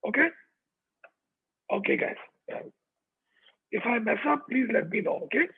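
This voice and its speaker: Brief: high, gravelly male motivational speaker, raspy and chatty, heard through thin call audio. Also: big pitch swings, moderate pace. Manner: chatty, checks in with the audience. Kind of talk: motivational talk. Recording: tinny online call audio.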